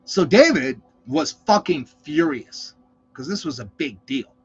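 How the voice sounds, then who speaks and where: Male host, slightly high voice, swears constantly, animated rant delivery, muffled lo-fi audio. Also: measured pace, slightly rough. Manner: ranting, swearing, animated storytelling. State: cold. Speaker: show host. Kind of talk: casual profane monologue. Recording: slightly muffled dull recording.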